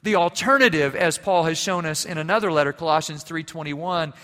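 A man preaching a sermon as pastor, swinging from loud emphasis to quiet, intimate passages. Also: on the high side, brisk. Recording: long reverb of a large hall.

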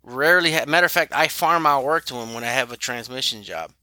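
A man's voice: medium pitch, quick pace, bright, forceful tone, no room sound. A man who runs an auto repair shop, telling stories in a loose, rambling way. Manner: loose, rambling, with frequent restarts. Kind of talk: casual storytelling chat.

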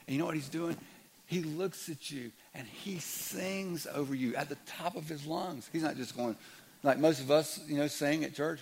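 A man in his fifties preaching a sermon as a pastor, earnest, dropping to a hush and then rising loud, often repeating his words. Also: a little high, vocal fry, slight background noise.

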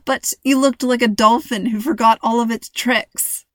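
A cheerful, playful mother in a storybook, warm and teasing, read by a woman narrator. Her voice sits slightly high. The recording is dry and close. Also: fairly even intonation, normal speed, dry recording, lightly acted.

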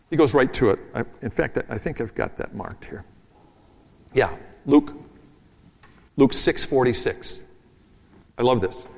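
A man preaching a sermon, emphatic and rhythmic, repeating key phrases and thinking aloud over his notes. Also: mid-range voice. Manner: talks through his notes aloud, with asides. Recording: long reverb of a large hall.

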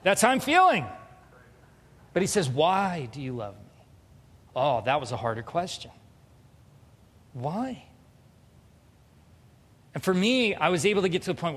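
A man with a fairly high voice preaches a sermon, telling a personal story with humor and candor and acting out the dialogue. His words ring out in a church sanctuary with a long, lingering reverb. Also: fairly bright tone, breathy edge. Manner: humorous, confessional, acts out dialogue. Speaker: pastor.

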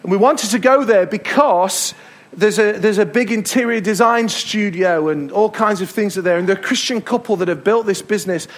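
An English man preaching from the pulpit with a high-pitched voice. He tells stories in a lively way and hammers home his points by repeating them. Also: normal speed. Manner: storytelling, emphatic repetitions. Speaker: pastor. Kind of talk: sermon. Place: church hall.

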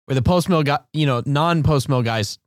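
A man's voice: a little high, moderate pace, no echo, studio quality. A man in his late thirties co-hosting a podcast, speaking in a reflective, conversational way. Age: 30s. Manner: reflective, conversational, with some repeated words. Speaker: podcast co-host. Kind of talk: casual discussion.

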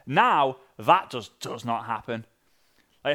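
Energetic man coaching, with high-pitched outbursts. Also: moderate pace. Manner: energetic, with big jumps in pitch and loudness; acts out sample messages in different voices. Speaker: sales and network marketing coach. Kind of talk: animated coaching talk to an online audience.

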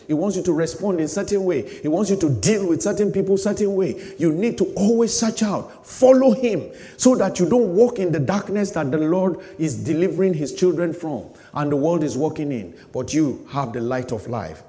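A man delivering a sermon as pastor, swinging between loud, high bursts and low, slow emphasis. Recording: long hall reverb.

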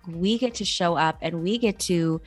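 Earnest lower-voiced woman guest. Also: normal speed, soft background music. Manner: earnest, explanatory, enthusiastic. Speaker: parenting course co-founder, guest. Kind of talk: casual conversational interview.

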